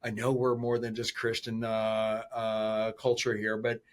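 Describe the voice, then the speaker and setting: A man's voice: lowish voice, completely flat delivery, a little slow. A man co-hosting a podcast interview, talking casually and animatedly, acting out his own reactions in quotes. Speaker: podcast co-host.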